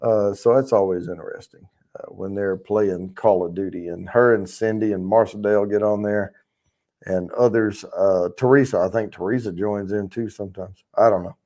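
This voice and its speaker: A man's voice: fairly low pitch, steady tone, moderate pace, dark tone. A man hosting a casual livestream, rambling and chatting with viewers in the chat, swearing freely as he talks. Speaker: livestream host.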